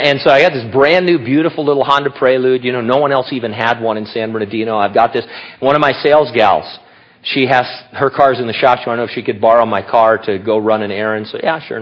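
A middle-aged man preaching a sermon, telling stories animatedly and acting out quoted voices. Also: mid-range voice. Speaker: pastor. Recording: dull lo-fi recording.

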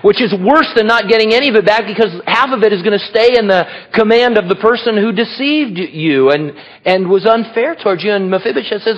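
A man's voice: high voice, fairly quick. A middle-aged man preaching a sermon, telling stories animatedly and acting out quoted voices. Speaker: pastor. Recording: dull lo-fi recording.

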